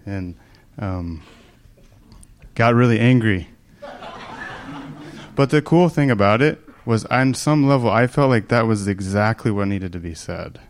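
A man with a very deep voice shares a personal story with a meditation group. He speaks softly and haltingly, and sometimes breaks off mid-thought as emotion comes through. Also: expressive. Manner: halting, soft-spoken, emotional. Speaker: group participant sharing a story.

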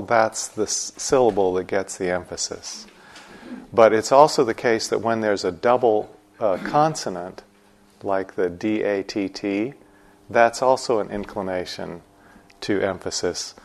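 A middle-aged man giving morning instructions at a meditation retreat, unhurried and gently joking as he explains a chant. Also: on the low side. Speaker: meditation teacher.

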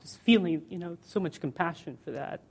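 A middle-aged American woman, working as a meditation teacher, gives a candid dharma talk. Her voice sits on the low side and sounds a little mellow and slightly rough. She speaks conversationally, using lots of fillers and slowing down on key words.

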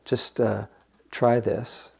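An older man giving a gentle, reflective dharma talk as a meditation teacher and guiding listeners through a practice. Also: mid-range voice, flat delivery, drawn-out words, vocal fry, slightly rough.

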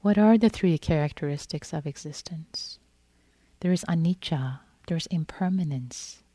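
Soft-toned woman giving a dharma talk. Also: sits low, a little slow, no echo. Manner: gentle, repetitive, acts out inner thoughts. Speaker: meditation teacher. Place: meditation hall.

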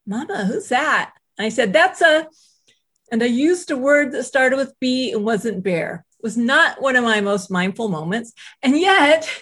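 This middle-aged woman, a guest author, has a husky voice of fairly high pitch. She animatedly recounts a personal story, poking fun at herself and acting out the quotes.

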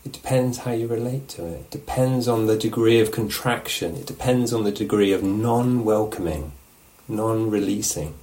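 A man teaching meditation, giving a relaxed, musing dharma talk at a retreat and often checking in with his listeners. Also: fairly low pitch, moderate pace, hardly any pauses, low-quality recording. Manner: reflective, musing, asks questions of the listeners. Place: meditation hall.

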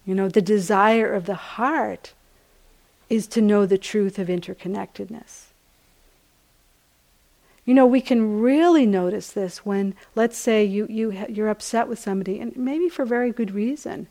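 A woman teaching meditation in a relaxed, conversational dharma talk, filling her speech with small "you know"s. Her voice sits at a middling pitch for a woman and has a gravelly, creaky texture. The talk is given at a retreat center. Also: moderate pace. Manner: gentle, conversational, many "you know" fillers.

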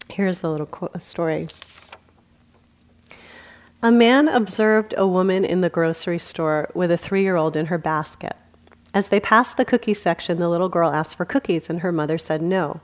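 A woman meditation teacher giving a dharma talk at a meditation center. Her voice sits a little low, and her delivery is gentle and unhurried, with easy humor and laughter worked into the teaching. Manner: gentle and warm, with light humor and frequent laughter.

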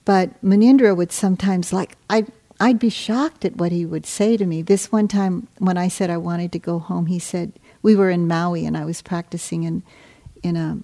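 A woman meditation teacher giving a dharma talk, soft and gentle, unhurried and reflective. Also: on the low side.

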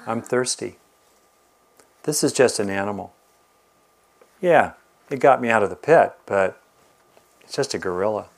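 A man's voice: lowish voice, measured pace, gravelly, pauses often. A man voicing a grown male hunter who is demanding and ungrateful in a spoken fable. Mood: scheming. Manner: demanding, then scheming.

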